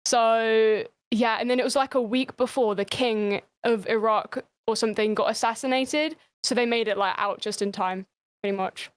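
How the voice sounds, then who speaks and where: A young English woman chats as a podcast guest, her fairly high voice rambling along with easy laughs. She sounds close and dry, with no room around her. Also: steady tone, moderate pace, clean tone, no echo. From England. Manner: chatty, laughing, loose and rambling. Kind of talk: casual chat.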